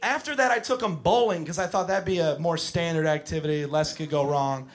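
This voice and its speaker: A young man doing a stand-up comedy set, telling stories with animated, exasperated yelling and plenty of swearing. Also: a little high, fairly quick. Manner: profane. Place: comedy club stage with audience. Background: audience laughter.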